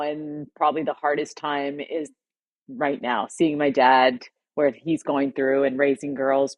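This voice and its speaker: A woman guest on a podcast, telling a personal story in a heartfelt way, pausing and choking up at times. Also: low voice, no echo, muffled recording. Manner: heartfelt, pauses and chokes up while recounting.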